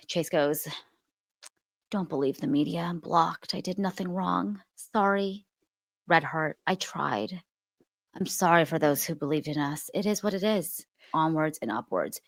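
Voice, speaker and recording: Young woman podcast host, low voice, dry close mic, swearing and laughing through celebrity gossip. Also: no room sound. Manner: animated, swears freely, breaks into laughs. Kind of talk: casual gossip chat.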